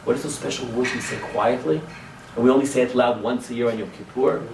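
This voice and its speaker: A male rabbi teaching a class as animated storytelling. He swings between loud exclamations and hushed asides and drops in Hebrew and Yiddish words. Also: medium pitch, quick pace, creaky. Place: synagogue classroom. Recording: echoey room, distant mic, faint noise.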